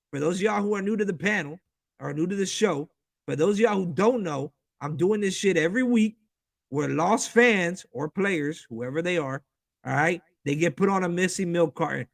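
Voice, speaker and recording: A man hosting a fan talk show, ranting in a heated, profane, fast-talking way. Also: high-pitched, creaky, no room sound, clean studio sound. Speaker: host.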